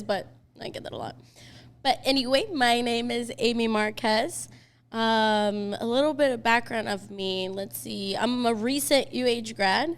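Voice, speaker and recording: A young woman in her twenties, a podcast guest, chatting casually and telling stories with lots of fillers. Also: a little high. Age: 20s. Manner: chatty, quick storytelling with many fillers. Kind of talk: casual chat.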